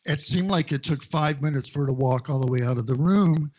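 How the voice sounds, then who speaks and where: A middle-aged male minister giving a sermon, telling personal stories in a slow, conversational way with wry humor. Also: on the high side, darkish tone.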